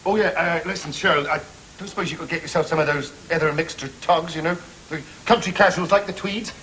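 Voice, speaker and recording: A man's voice: fairly high pitch, a little fast, pushed and bright, slight background noise. A man with an English accent playing a pushy young husband, a trainee salesman who rambles eagerly and keeps saying "I mean", in a studio sitcom. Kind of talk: 1980s studio sitcom acting.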